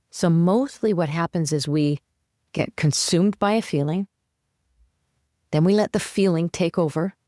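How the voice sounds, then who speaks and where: A woman with a deep, darkish voice appears on a podcast as a coach, giving conversational advice with animation and dramatizing her inner voice. The recording is clean studio sound without echo.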